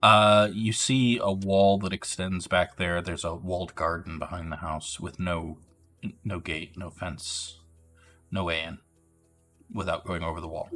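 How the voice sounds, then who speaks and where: Man, dungeon master, lowish voice, bright tone, faint music. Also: measured pace. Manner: relaxed, filler-heavy narration. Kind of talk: narrating a tabletop game.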